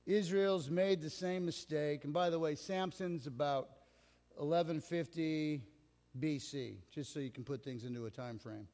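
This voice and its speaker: A middle-aged male pastor with a fairly high voice, preaching in a loose, chatty way and slipping into the voices of the people he quotes. He is recorded in a church sanctuary, and the sound carries a long reverb tail. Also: steady tone, moderate pace, darkish tone. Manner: conversational storytelling, acts out quotes. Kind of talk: sermon.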